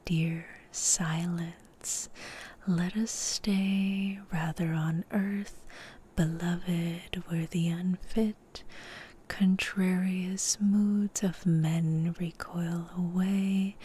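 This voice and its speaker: A young woman reading love poems aloud in a soft whisper, in a whispered role-play on her stream, her throat a little sore from it. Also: mid-range voice, slightly rough. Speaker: VTuber streamer.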